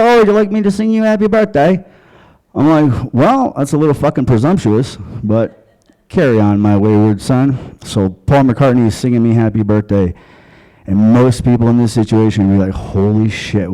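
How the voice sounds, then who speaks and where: Club comic, dark mellow voice, deadpan and crude, chatting to the room. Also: male voice, mid-range voice, rough recording. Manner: crude, deadpan, conversational delivery with profanity. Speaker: stand-up comedian. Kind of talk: stand-up comedy set. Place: comedy club stage.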